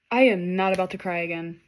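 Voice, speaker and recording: A young woman reads tarot cards for her viewers in a loose, animated way. She swears freely and speaks straight to the people watching, pushing them to go after their purpose. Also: lowish voice. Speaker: tarot reader. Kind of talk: casual tarot reading to camera.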